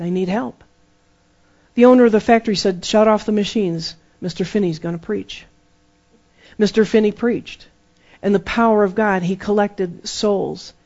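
A man's voice: sits high, darkish tone. A man preaching a sermon, emphatic and repeating key phrases for effect. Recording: dull lo-fi sermon recording.

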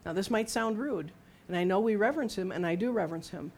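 A woman's voice: mid-range voice, quick pace, a little mellow, a little hiss or hum. Middle-aged woman preacher, chatty sermon delivery, mid-range voice, playful acted-out quotes. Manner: conversational, humorous storytelling with acted-out quotes.

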